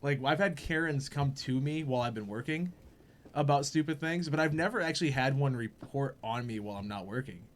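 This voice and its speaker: A man's voice: mid-range voice, a little fast. Young man telling a funny story. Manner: animated, laughing, acts out quotes. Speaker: podcast host. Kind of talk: casual storytelling chat.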